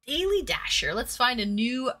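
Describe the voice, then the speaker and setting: A woman's voice: on the high side, lively intonation, normal speed, pushed and bright, a little hiss or hum. A woman hosting a live stream in casual chat, reading viewers' messages aloud and answering them.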